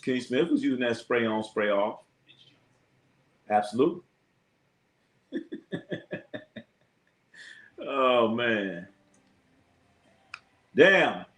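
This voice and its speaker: A man with a mid-range voice hosts a casual live sports stream at normal speed, with long pauses. He rants in an animated, profane way, swearing a lot and reading chat comments aloud.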